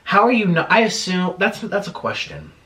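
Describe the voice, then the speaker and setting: Animated young man chatting while eating. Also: sits high, moderate pace. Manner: animated, chatty, gets heated and swears. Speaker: mukbang vlogger. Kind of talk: casual chat while eating.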